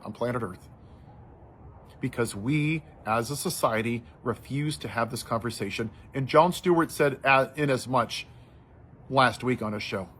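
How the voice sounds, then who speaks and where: A man giving impassioned social commentary, telling a story and then building to forceful outrage. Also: medium pitch, a little hiss or hum.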